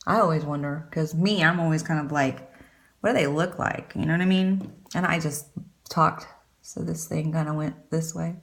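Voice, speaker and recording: A woman talks her way through a makeup tutorial in a loose, rambling way. Her voice sits a bit low, and she keeps poking fun at herself as she goes. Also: steady tone, normal speed, creaky. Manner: chatty, rambling, self-deprecating. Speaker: beauty vlogger. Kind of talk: casual makeup tutorial chat.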